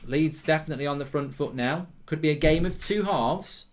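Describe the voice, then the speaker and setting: A man's voice: fairly high pitch, fairly quick. A man hosting a live football watchalong, calling the action, cheering goals and reading viewer comments aloud in casual chat. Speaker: watchalong host.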